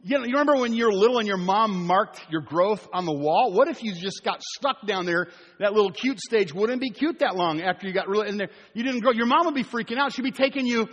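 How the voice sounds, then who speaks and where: A man's voice: sits high, a bit bright, slightly rough, big-room sound. A man preaching a sermon as pastor, talking in a conversational way with joking asides and rising to earnest emphasis. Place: church sanctuary.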